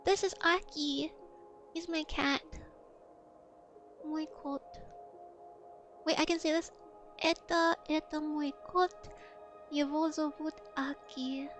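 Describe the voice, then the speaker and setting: A woman streamer in casual livestream chat, playful and chatty as she answers her chat, often dropping to a soft, quiet voice. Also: sits high, steady tone, takes it slowly, pauses often, soft background music.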